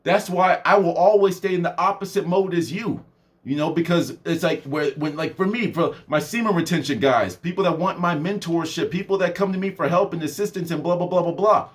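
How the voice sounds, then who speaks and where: A man's voice: sits high, a little fast. A man talking casually in a motivational vlog, rambling, laughing often and acting out the people he quotes. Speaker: motivational vlogger and mentor.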